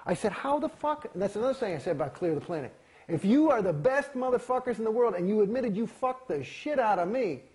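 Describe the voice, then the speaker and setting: A man giving a candid interview in a heated, profane, rambling way, swearing often, in a gravelly, husky voice. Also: animated, fast talker. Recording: quiet, low-volume recording.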